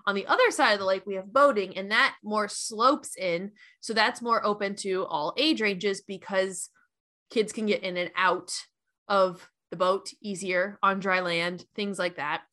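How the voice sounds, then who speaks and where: A young adult woman co-hosting a casual podcast, playful and self-deprecating with quick asides. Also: medium pitch, bright, forceful tone. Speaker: podcast co-host, aquatics director.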